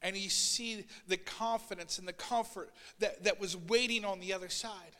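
A man preaching a sermon as pastor, swinging between loud, urgent passages and quiet asides, and voicing Bible figures in a raised voice. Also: high-pitched, fairly even intonation, normal speed, big-room sound. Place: church sanctuary.

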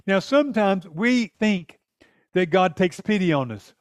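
A man preaches with earnest emphasis, pressing each point home and acting out prayers as he goes. His voice sits high. The recording is dry and close, with no room sound. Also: expressive, measured pace, no room sound. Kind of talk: sermon.

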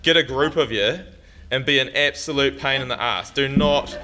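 A man's voice: medium pitch, normal speed, pushed and bright. A young man with a New Zealand accent telling a blunt, swearing, laughing story to an audience. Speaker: farmer speaker.

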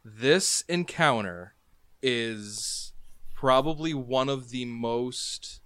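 A man narrating a tabletop game as game master, explaining rules and describing scenes with brisk fillers. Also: mid-range voice, fairly bright tone, smooth, dry recording.

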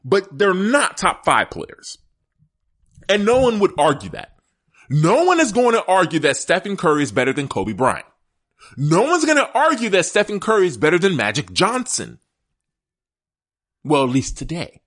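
A man's voice: high voice, wildly swooping pitch, moderate pace, long pauses, a bit bright. A middle-aged man hosting a casual sports podcast, emphatic and laughing often as he talks straight to his listeners. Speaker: podcast host.

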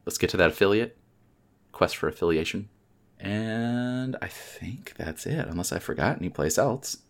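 A man hosting a casual podcast, wrapping up the episode in a relaxed, rambling way with plenty of fillers. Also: fairly low pitch, moderate pace, vocal fry. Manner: laid-back, rambling sign-off with fillers. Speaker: podcast host.

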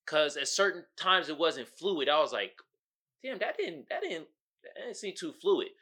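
A male podcast host giving casual, slangy commentary, animated and often asking "you feel me". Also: fairly high pitch. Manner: animated, acts out quotes loudly.

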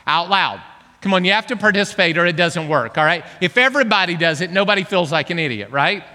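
A man preaches to a congregation, animated and joking as he coaxes them along. His voice sits high and sounds bright and forceful, and it rings out with the long reverb of a large hall. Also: quick pace. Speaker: pastor. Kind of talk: sermon. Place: church hall.

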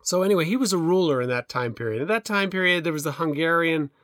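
A man's voice: a little high, fast, a bit bright, no echo. A middle-aged man co-hosting a casual chat, rambling and hesitant, with many restarts and fillers. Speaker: podcast co-host.

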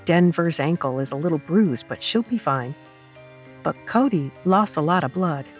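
A woman's voice: deep voice, lively intonation, moderate pace, faint music behind. A woman narrator voicing a tough, decisive young female student who speaks bluntly and urgently.

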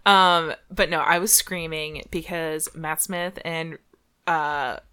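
A woman's voice: low-pitched, slow, clean tone. A woman co-hosting a podcast in casual, giggly chat. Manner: giggly, animated, gushing. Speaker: podcast co-host.

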